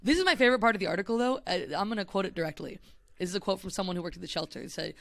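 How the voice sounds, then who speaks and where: A woman's voice: medium pitch, racing, a bit bright, no echo, studio quality. A woman co-hosting a comedy podcast, chatty and giggly as she relays a news story. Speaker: podcast co-host. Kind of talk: casual comedic chat.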